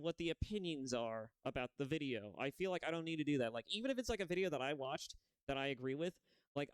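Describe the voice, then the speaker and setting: Smooth-voiced man rambling commentary. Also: on the high side, no room sound. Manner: rambling, full of restarts and self-corrections. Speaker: reaction video host. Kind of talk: casual video commentary.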